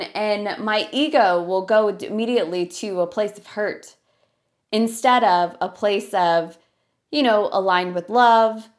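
Woman in her 30s doing a solo podcast, earnest, lots of likes and you knows. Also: mid-range voice. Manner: earnest, thinking aloud with many fillers. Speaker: podcast host. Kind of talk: reflective solo podcast talk.

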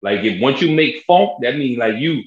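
A young man, co-hosting a casual sports podcast, telling animated stories and acting out quotes. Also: moderate pace, a little hiss or hum. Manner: animated storyteller, acts out quotes in a high voice. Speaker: podcast co-host. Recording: roomy, dull lo-fi sound.

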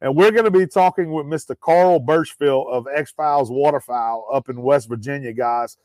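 A man's voice: mid-range voice, normal speed, a little mellow, dry recording. A man hosting a casual podcast in a folksy way, with lots of "uh" fillers, and calling his listeners guys. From Louisiana. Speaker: podcast host.

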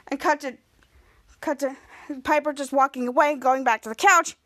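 A woman podcast host giving a casual, halting recap of a TV episode, full of restarts and repeats. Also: sits high, fairly even intonation, sharp tone, no room sound, studio quality. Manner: halting, repetitive retelling with many restarts.

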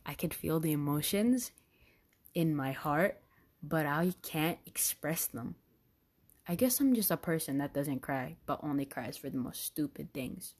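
A young woman hosting her own podcast, chatting casually and rambling with many fillers. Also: sits low. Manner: rambling, animated, lots of fillers. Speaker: podcast host. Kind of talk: casual solo podcast chat.

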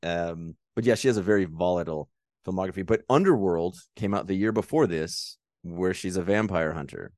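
Young male podcast co-host, low voice, dry close sound, animated movie chat, goes into silly put-on voices. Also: brisk, no echo. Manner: animated, acts out movie lines in exaggerated voices.

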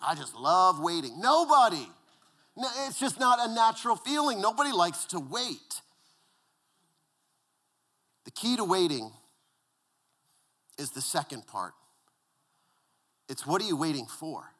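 A male pastor preaching a conversational sermon, repeating words and dropping to a hushed, low voice for emphasis. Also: sing-song, measured pace, pauses often, breathy edge.

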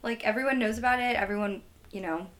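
A woman's voice: on the high side, quick pace, a bit bright. A young woman co-hosting a podcast in casual comedic chat, teasing and laughing often. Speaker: podcast co-host.

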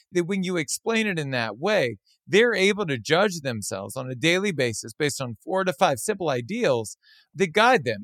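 A man with a lightly high, very lively voice speaks earnestly about running restaurants, stressing key words with conviction. He sounds close and dry, with no room around him. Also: no echo. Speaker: former restaurant owner and co-host. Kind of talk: casual chat.

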